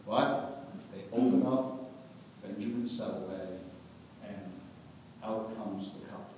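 A man teaching a scripture lesson, retelling the story in a lively, animated way with frequent restarts, recorded from a distant mic in a reverberant hall with a faint rumble. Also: slow pace. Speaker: religious teacher.

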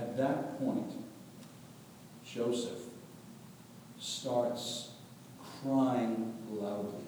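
A man teaching a scripture lesson, retelling the story in a lively, animated way with frequent restarts, recorded from a distant mic in a reverberant hall with a faint rumble. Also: unhurried. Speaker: religious teacher.

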